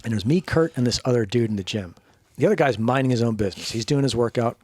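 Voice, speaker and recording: A man's voice: mid-range voice, quick pace, a little mellow, no room sound. Profane, laughing man telling stories. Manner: profane, laughs often, acts out quoted voices. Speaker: podcast guest. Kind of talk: casual storytelling.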